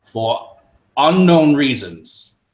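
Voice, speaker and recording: A man voicing a stern male tribal chief, booming and authoritative, who speaks slowly with weighty pauses. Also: very animated, echoey room. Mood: solemn. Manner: slow and solemn, with weighty pauses.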